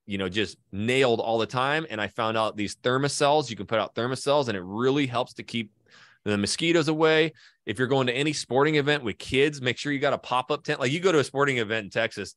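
A man's voice: mid-range voice, a bit bright, no echo, studio quality. A man from Idaho, a guest in a casual interview, telling long stories and swearing casually. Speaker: guest, real estate agent and video creator.

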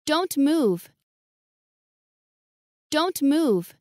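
Female English lesson reader: slow, clear sentence drills, bright singsong pitch, dry close sound. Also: sing-song, no echo. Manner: reads each short sentence twice.

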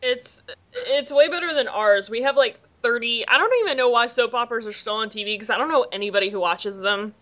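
Bright woman with valley-girl drawl. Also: a little high, brisk, lo-fi sound. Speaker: podcast host. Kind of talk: casual chat.

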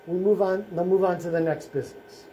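A man voicing a young reluctant soldier in a hesitant, quietly defiant way during a school talk. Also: high-pitched, fairly even intonation, fairly quick, slight background noise, natural voice, rough recording. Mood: uneasy.

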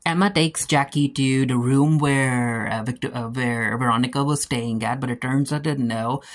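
A casual TV episode recap from a reviewer who rambles through the plot in a breezy, unpolished way. The delivery is loose and conversational, full of fillers and throwaway "blah blah" asides. The pitch sits in a middling range. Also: steady tone, normal speed.

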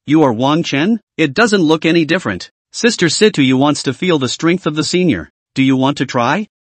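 A cocky young university brawler full of hostility, read out by a man in a story recap. The voice is lively and rises high, recorded dry and close. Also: normal speed, slightly rough, no echo. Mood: taunting. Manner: taunting, hostile. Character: arrogant young male university fighter.

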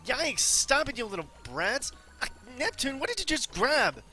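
A man voicing a proud, flustered young woman from a game, scolding in a raised falsetto. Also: wildly swooping pitch, normal speed, bright, forceful tone, soft background music, exaggerated voice. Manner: indignant, scolding.

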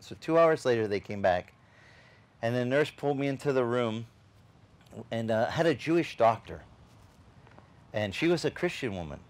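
A male pastor preaching a conversational sermon. He tells a personal story and acts out the other people's lines, with frequent restarts, and speaks straight to the congregation. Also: lowish voice. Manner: animated storyteller who acts out quoted dialogue, with frequent restarts; chatty, addresses the congregation directly.

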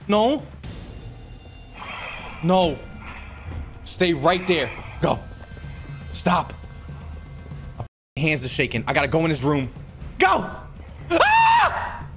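A young man streaming a horror game, panicking, yelping and muttering to himself. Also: on the high side. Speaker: gaming streamer. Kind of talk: live horror game commentary.

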